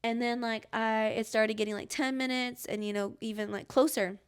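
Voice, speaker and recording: A young woman hosts a casual podcast with a somewhat high voice. She rambles through a personal story and drops "like" into nearly every phrase. She acts out her own past pleas and cries as she goes. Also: fairly even intonation, normal speed, clear, resonant tone. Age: young adult. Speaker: podcast host.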